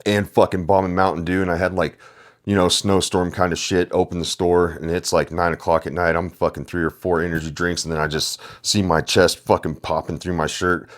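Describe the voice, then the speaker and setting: A man's voice: deep voice, little pitch movement, fairly quick. A young man hosting a podcast, telling delivery-driver stories in a rambling, heavily profane casual monologue.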